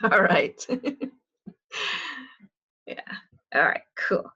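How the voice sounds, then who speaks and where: Expressive woman telling stories on a live call. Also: very slow, muffled recording. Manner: chatty and expressive, acting out quoted voices. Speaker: spiritual teacher hosting a live call. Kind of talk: live spiritual talk with storytelling. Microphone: live online call.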